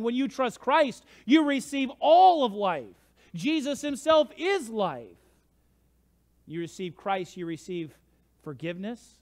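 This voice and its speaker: A man preaching a sermon as pastor, telling the story with swings from hushed to shouting. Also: high voice. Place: church sanctuary. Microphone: livestream church mic.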